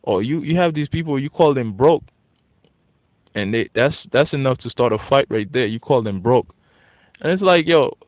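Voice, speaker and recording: A man in a casual, profane ranting monologue, blunt and getting animated when worked up. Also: mid-range voice, moderate pace, no echo. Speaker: vlogger. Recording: tinny phone-like dry audio.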